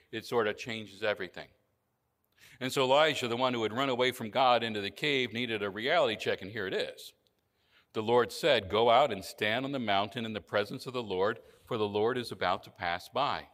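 A male pastor preaching a sermon in an earnest manner, often dropping to a soft, low voice for emphasis. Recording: church hall reverb.

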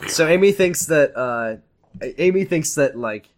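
A man with a fairly high voice co-hosts a casual recap chat. He sums up the plot and drops dry, ironic asides. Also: expressive, unhurried. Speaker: podcast co-host.

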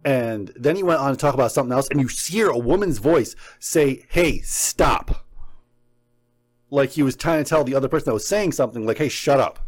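A man in casual conversation, telling a story with animated excitement. His voice sits at an ordinary mid pitch, and he lets a curse word slip when he gets worked up. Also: fast talker, hardly any pauses. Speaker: podcast co-host. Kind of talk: casual chat about paranormal recordings.

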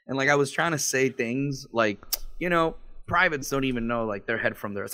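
A man's voice: mid-range voice, brisk, bright, forceful tone. A man in his thirties on a video call, telling stories in a casual, profane way and often breaking into laughter. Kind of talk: casual chat.

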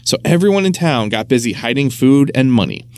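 A man reading a children's story aloud in an expressive, storytelling manner. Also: mid-range voice, a little fast.

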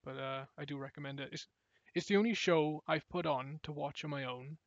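A man hosting a casual podcast, his voice sitting a touch high for a man. He rambles, giggles, and keeps restarting his sentences. The recording is dry and a little dull, as if made on a modest mic. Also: fairly even intonation, a little fast, dry recording. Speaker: podcast host. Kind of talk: casual chat.

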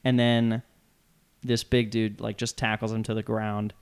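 A young man chatting casually, retelling a story with animated, loud acted-out quotes. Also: lowish voice, moderate pace, smooth. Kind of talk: casual chat.

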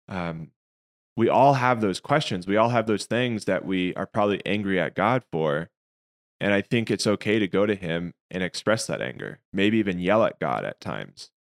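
A man with a fairly low voice talks through faith questions on a podcast. He is earnest and reflective, laying out his ideas patiently. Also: expressive, moderate pace. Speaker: podcast co-host. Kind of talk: casual faith discussion.

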